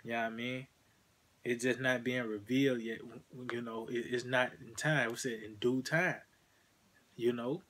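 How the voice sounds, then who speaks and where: Husky-voiced man preaching casually. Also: medium pitch, fairly even intonation, a bit bright. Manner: casual, repeats "man" and "you know" often, slows down for scripture. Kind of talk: informal sermon.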